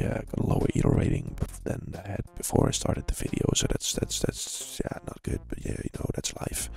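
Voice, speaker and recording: A young man wrapping up a gaming video as the channel host, talking in a low-key, rambling way and shrugging off a loss. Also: gravelly, a little mellow. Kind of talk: casual outro chat.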